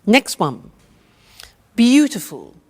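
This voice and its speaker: Leading a slow, drilled English lesson, this woman patiently over-enunciates grammar forms and prompts the viewer to follow along. She speaks unhurriedly in a slightly mellow, fairly high voice that is very animated. The recording has a long reverb.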